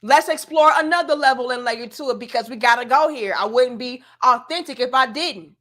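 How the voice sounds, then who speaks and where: A blunt, sassy woman rants to her viewers in a high, bright voice. She lectures in slang with plenty of attitude, and her tone stays sharp and forceful throughout. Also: brisk. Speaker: commentary vlogger. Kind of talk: opinionated commentary rant.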